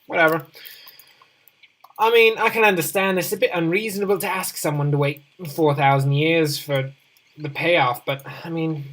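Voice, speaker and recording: A woman with a lowish voice for her sex narrates her gameplay in a loose, joking ramble. She keeps talking to a companion creature in the game, drifting from topic to topic in casual commentary. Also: steady tone, moderate pace. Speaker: let's play host.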